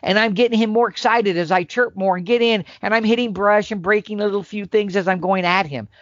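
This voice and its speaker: A man explaining elk calling tactics in casual podcast talk, emphatic and animated, sometimes acting out the calls. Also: high voice, brisk, no room sound, dull audio. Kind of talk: instructional podcast chat.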